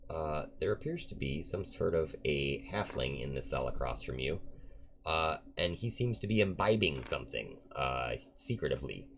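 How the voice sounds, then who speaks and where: A man narrating a tabletop game as game master, in a relaxed way with many ums and uhs. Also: very deep voice, moderate pace, slight background noise. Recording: dull lo-fi recording.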